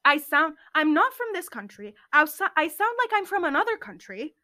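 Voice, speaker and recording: A young woman co-hosting a podcast, talking in an animated, blunt way and swearing when annoyed. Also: sits high, normal speed. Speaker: podcast co-host. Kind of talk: casual chat.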